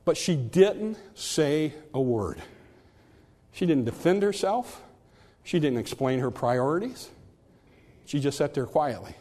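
A man's voice: a little high, big pitch swings, takes it slowly, pauses often, warm tone. Earnest preacher man in a reverberant hall. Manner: earnest, conversational, with repeated stammered restarts. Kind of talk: sermon.

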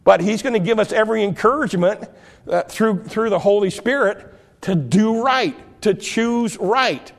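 Gravelly high-voiced preacher. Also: male voice, moderate pace. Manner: earnest Bible teaching with frequent restarts and repeated words. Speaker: pastor. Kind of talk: sermon.

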